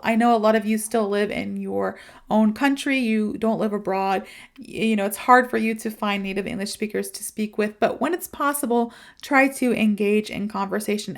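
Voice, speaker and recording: Chatty American woman, slightly high voice. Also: creaky. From United States. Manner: chatty, speeds up when excited, frequent "you know". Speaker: podcast host. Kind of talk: casual podcast advice for English learners.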